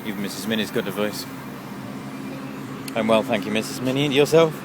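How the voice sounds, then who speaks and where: A man vlogging outdoors and from truck cabs, excitable and laughing often in casual commentary. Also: lowish voice, brisk. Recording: loud engine and traffic noise.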